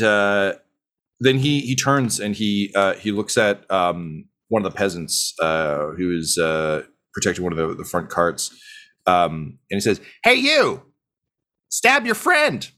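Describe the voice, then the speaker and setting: Relaxed low-voiced game master. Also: male voice, slow pace. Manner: relaxed and rambling, many fillers, laughs easily. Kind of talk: narrating a tabletop game.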